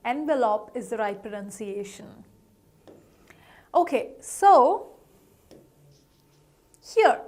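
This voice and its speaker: A woman teaching pronunciation in an online lesson, upbeat, quizzing viewers and repeating each word slowly. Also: high voice.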